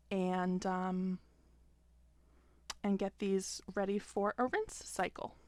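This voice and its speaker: A young adult woman calmly explaining, step by step, how she washes hand knits at home, with an occasional "um". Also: mid-range voice, clear, resonant tone, no room sound. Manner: calm, step-by-step explaining with frequent "um". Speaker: fiber arts vlogger. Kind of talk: casual tutorial narration.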